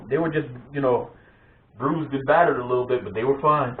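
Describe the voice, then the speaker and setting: A man hosting a vlog, casually telling family stories in an animated way, often laughing and restarting his sentences. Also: mid-range voice, fairly quick, a little hiss or hum. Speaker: vlog host. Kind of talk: casual storytelling of family memories. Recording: tinny phone-like sound in an echoey room.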